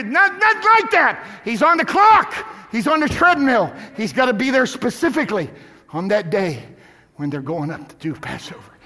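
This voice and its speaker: A man preaching a sermon as pastor, swinging from shouted climaxes to hushed drops. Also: sits high. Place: church sanctuary. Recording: echoey hall with music and congregation.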